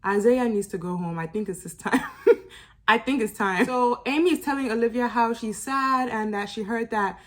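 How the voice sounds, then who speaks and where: Chatty young woman reviewing a show. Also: normal speed. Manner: chatty, opinionated, laughs often, quotes people in a lowered voice. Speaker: host of a reality-show review channel. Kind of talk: casual chat.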